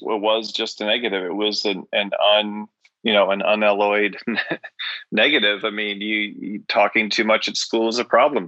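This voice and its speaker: A man's voice: lowish voice, bright, forceful tone, no echo, muffled recording. A man talking as an interview guest, telling stories animatedly and restarting his phrases often. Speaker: guest speaker and author. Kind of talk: conversational interview storytelling.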